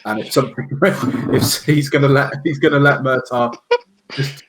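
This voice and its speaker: A man's voice: medium pitch, steady tone, moderate pace, fairly bright tone, low-quality recording. Emphatic, drawling male player. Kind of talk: tabletop game table talk.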